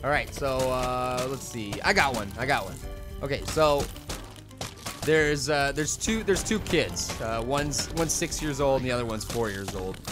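A man's voice: medium pitch, animated, unhurried, music in the background. A young man casually commenting on a video game he plays, rambling, telling jokes and mocking himself. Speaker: gaming YouTuber. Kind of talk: casual let's-play commentary.

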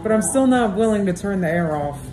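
A woman's voice: mid-range voice, animated, a little fast, over music, rough recording. A young woman vlogging at home in casual chat, frazzled and exasperated, talking to viewers through a handheld camera.

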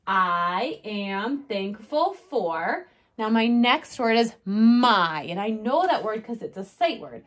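A woman teaching a kindergarten writing lesson, sounding out letters slowly and putting on exaggerated dismay at messy handwriting. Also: a little high. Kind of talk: recorded writing lesson for young children.

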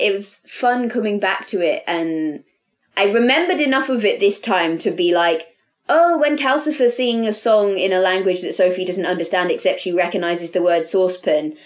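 A woman co-hosting a casual book podcast, talking in an animated way with trailing sentences. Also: medium pitch, normal speed. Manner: animated, trailing, laughing asides. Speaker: podcast co-host.

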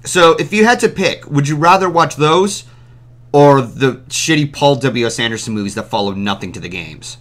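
A man hosting a casual voice call on his stream, reacting in an animated, chatty way. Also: mid-range voice, moderate pace. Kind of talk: casual chat. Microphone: desktop mic on a call.

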